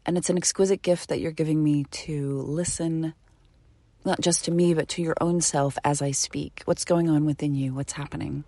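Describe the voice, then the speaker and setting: A middle-aged woman talks into her podcast microphone in a low, earnest voice. She speaks from the heart and sometimes drops to a near whisper. The sound is close and dry. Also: steady tone, no room sound. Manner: earnest and heartfelt, slowing to a soft whisper at tender moments. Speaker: podcast host. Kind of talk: intimate solo podcast monologue. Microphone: studio microphone.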